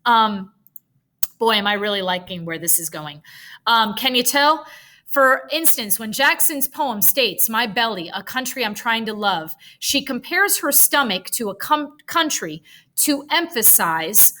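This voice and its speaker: A woman teaching writing at a computer, thinking aloud at an unhurried pace. Her voice is bright and a little high, and she keeps correcting herself with chatty, nerdy asides. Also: expressive. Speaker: writing tutor.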